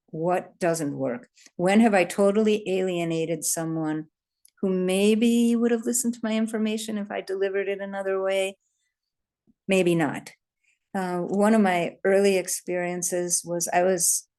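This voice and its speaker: With a fairly low, slightly mellow voice, a woman runs a storytelling workshop, telling personal stories earnestly and conversationally, with the occasional laugh.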